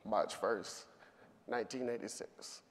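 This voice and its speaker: A man's voice: fairly low pitch, a little slow. A middle-aged man telling a personal story to an audience, acting out the voices of the people in it. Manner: animated storyteller, acts out voices. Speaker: speaker. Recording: long reverb of a hall.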